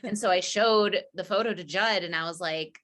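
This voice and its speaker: A woman's voice: on the low side, moderate pace, a bit bright. A woman guest on a casual podcast, a chatty storyteller who fills her talk with "like" and acts out quoted lines.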